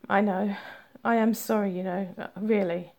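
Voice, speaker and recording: A woman reading the lines of a remorseful young boyfriend who speaks softly and hesitantly, with a slightly gravelly voice. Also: medium pitch, fairly even intonation, moderate pace, close to an everyday voice. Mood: sheepish. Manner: soft, hesitant, apologetic.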